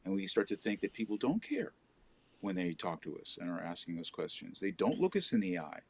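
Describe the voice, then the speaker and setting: A middle-aged man co-hosts a casual live talk with his audience. His voice sits fairly low, and he speaks in an earnest, heartfelt way that lifts with energy whenever he plays out small everyday conversations. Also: fairly quick, slight background noise. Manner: earnest, gets animated and laughs when acting out everyday exchanges. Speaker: co-host. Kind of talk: casual chat with viewers.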